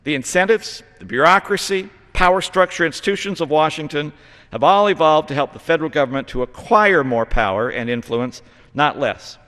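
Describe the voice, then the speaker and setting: Middle-aged congressman from Utah, fairly high voice, earnest lecturing floor speech, long reverb of a big chamber. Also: brisk, pushed and bright. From Utah, United States. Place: large legislative chamber.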